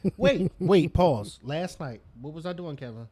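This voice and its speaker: A man co-hosting a casual chat about TV shows and celebrities, playful and teasing, with quick reactions and laughs. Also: on the high side, expressive, dark tone, no echo. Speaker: podcast co-host.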